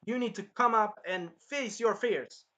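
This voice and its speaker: A man's voice: sits high, a little slow, pushed and bright, dull audio, pitched above the performer's own voice. A man voicing a stubborn, protective young male hero who is hurt and exclaiming urgently.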